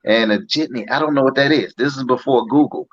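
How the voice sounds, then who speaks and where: A man telling a story in casual chat, animated and acting out the voices of others. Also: medium pitch, fairly quick. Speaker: podcast host. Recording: dull, slightly lo-fi sound.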